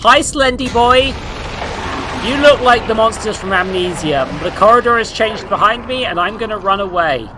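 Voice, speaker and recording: A woman's voice: mid-range voice, lively intonation, brisk, few pauses, background noise. A young woman streaming a horror game with sarcastic, swearing commentary and playful asides. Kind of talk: casual gameplay commentary.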